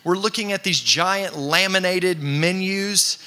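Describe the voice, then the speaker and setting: A man, a pastor preaching a sermon to his congregation and telling funny personal stories in a relaxed, conversational way. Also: high-pitched, slow pace. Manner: conversational, self-deprecating storytelling with laughs. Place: church in front of a congregation.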